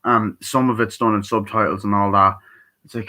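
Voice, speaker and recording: Excitable young man reviewing a film. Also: lowish voice, normal speed, poor audio. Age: young adult. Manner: excitable, swears often, acts out scenes in raised voices. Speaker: movie reviewer.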